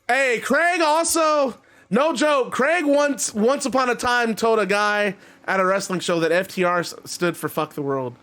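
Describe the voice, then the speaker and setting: High-voiced man casually narrating a wrestling recap. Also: unhurried, pushed and bright. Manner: rambling, swears freely, laughs at his own stories. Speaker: narrator of a wrestling game league.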